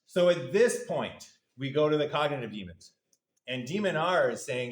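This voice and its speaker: A man lecturing a university class in a loose, playful way, slipping into little voices to act out the parts of a model. His voice sits fairly high for a man. The sound is echoey, as if taken in a big lecture room. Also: lively intonation, moderate pace.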